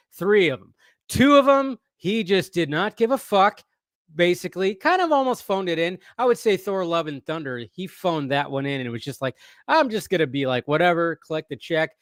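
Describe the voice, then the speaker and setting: In clean, dry studio sound, this man speaks in a high-pitched, fairly bright voice with lively intonation and a moderate pace. Hosting a laid-back movie-news live stream, he rambles, keeps starting sentences over, and reads out messages from viewers.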